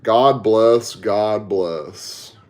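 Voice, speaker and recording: A man's voice: fairly low pitch, very slow, darkish tone. A young man from Texas with a Southern accent, hosting a podcast livestream and chatting casually with viewers through a headset mic. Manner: laid-back, slangy, talks to chat. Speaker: podcast host.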